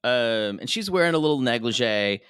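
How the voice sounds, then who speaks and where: A man's voice: mid-range voice, animated, normal speed, a bit bright, clear, resonant tone, dry recording, clean studio sound. A man co-hosting a podcast, recapping reality TV in casual, gossipy chat and laughing often. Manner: gossipy, laughs often, mimics cast members in quotes. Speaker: podcast co-host.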